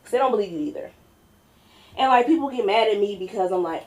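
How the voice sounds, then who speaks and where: A woman's voice: medium pitch, expressive, fast, a little mellow. A woman hosting a stand-up open mic, chatty and playful, laughing at her own jokes. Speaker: comedy open mic host. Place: comedy club open mic.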